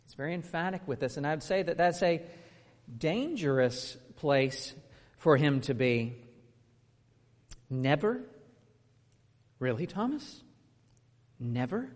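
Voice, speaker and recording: A man's voice: on the high side, expressive, measured pace, long reverb tail. A man in his thirties preaching a sermon, earnest and emphatic, asking rhetorical questions.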